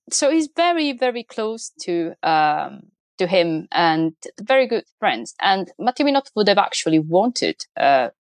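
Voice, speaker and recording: A woman's voice: medium pitch, no echo. A woman talking casually on a podcast, chatty with frequent laughs and restarts. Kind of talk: casual chat.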